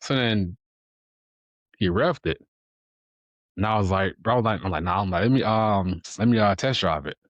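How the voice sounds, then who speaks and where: Homem de voz bem grave numa conversa descontraída, repetindo palavras, gravado em som seco e próximo. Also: male voice, on the low side, normal speed, pauses often, no room sound, muffled recording. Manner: relaxed, repeats words, quotes himself. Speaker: podcast host. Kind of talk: casual chat.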